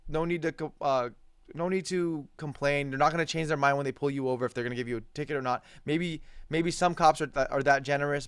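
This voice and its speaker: A man's voice: fairly high pitch, fairly bright tone, clean tone, no echo, clean studio sound. A man giving heated, profanity-laced reaction commentary on sports news, repeating himself for emphasis. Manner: profane, ranting, repetitive emphasis.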